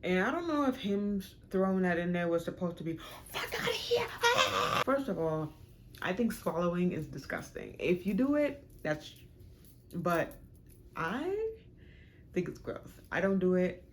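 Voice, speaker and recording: Young woman, vlogger, storytime, frank and animated, profane, low-pitched voice. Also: moderate pace. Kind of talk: storytime vlog.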